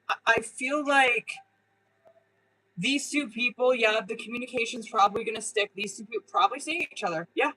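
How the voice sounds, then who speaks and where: A woman's voice: a little high, breathy edge, poor audio. A young woman doing a live-stream tarot reading, chatty and casual, with lots of filler words, frequent laughs and the odd curse. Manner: chatty, casual and profane, full of "like" and "um"; animated, laughing often. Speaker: tarot reader.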